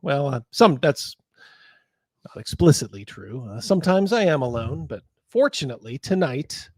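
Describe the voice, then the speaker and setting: A man hosting a casual livestream chat, playful and quick to laugh. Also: no room sound. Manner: playful, laughs easily, lively pitch. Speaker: show host.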